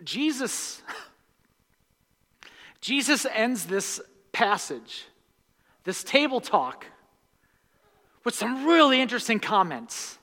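A man's voice: very high-pitched, big pitch swings, slow pace, pauses often, bright, forceful tone. A male pastor preaching a sermon in a church sanctuary, emphatic and repeating key lines for stress. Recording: long reverb of a large hall.

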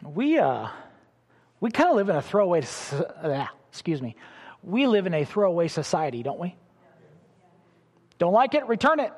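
A middle-aged male pastor delivers a sermon with a fairly high voice, swinging between loud bursts and quiet asides. His words ring out with a long reverb from a large church hall. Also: moderate pace, slightly rough. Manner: animated preaching with sudden loud bursts and soft drops.

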